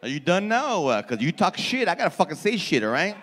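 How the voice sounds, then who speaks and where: A stand-up comic, brash and profane as he razzes the front row. His voice sits high and swings widely in pitch. Faint room ambience hangs behind him on the club mic. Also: big pitch swings, fairly quick, a bit bright, slight background noise. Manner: brash, profane, teasing the crowd. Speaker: stand-up comedian. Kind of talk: stand-up crowd work. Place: comedy club before a laughing audience.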